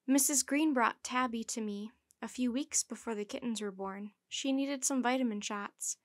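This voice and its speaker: A woman voicing a thoughtful, quiet father who is a bearded vet. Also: on the high side, normal speed, dry recording, clean studio sound, lightly acted.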